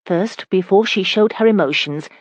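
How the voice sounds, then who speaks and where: A woman narrating an audiobook in a measured, even reading. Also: medium pitch, dry recording, highs cut off.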